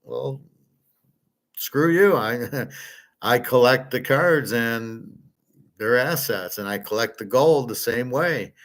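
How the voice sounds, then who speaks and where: A man's voice: medium pitch, a bit bright. A middle-aged man giving casual, rambling commentary over a played video, blunt and joking.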